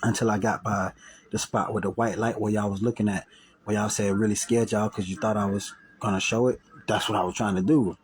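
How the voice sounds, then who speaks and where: A man's voice: fairly low pitch, fairly even intonation, brisk, low-quality recording. A man casually telling viewers a personal story, slangy and profane, repeating and restarting himself. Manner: slangy, profane, repeats and restarts, acts out quoted voices loudly.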